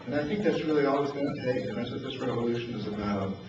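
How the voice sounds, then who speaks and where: An older man from New Hampshire tells personal anecdotes at a quick pace, chuckling and tripping over repeated words in a storytelling talk. His ordinary-pitched voice comes from far off the mic in a very echoey space. The sound is dull and lo-fi, with a clear hiss underneath.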